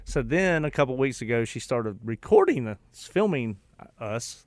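Man, radio host, mid pitch, joking, rambling, dry close studio sound. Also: sing-song, moderate pace, no room sound. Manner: joking, rambling, self-interrupting. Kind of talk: casual radio chat.

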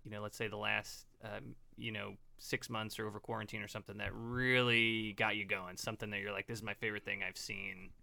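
A man co-hosting a comedy podcast, asking guests questions in an animated way that trails off softly. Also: lowish voice, a little fast, creaky, hardly any pauses. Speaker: podcast co-host. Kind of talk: casual comedy podcast chat.

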